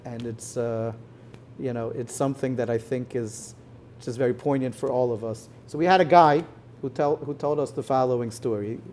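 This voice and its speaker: A man, a rabbi and guest, explaining his views in a measured way to an audience in a synagogue, often saying "you know". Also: mid-range voice, a little mellow. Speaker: rabbi, head of a conversion court, guest. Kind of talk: live conversation before an audience.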